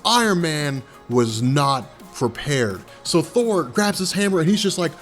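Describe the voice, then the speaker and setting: Laid-back slangy comics host. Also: male voice, fairly high pitch, big pitch swings, a little slow, fairly bright tone, faint music behind. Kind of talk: casual comic story recap.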